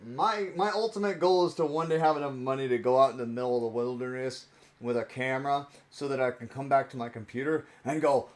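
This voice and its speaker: A man's voice: medium pitch, fairly even intonation, a little fast. A young man chatting casually on a stream while opening trading cards, rambling and playful and laughing often.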